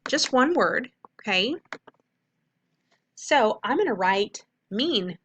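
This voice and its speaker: A woman teaching a recorded phonics lesson, walking through each step clearly and checking in with "okay?" after each point. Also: on the high side, expressive, slow pace, fairly bright tone.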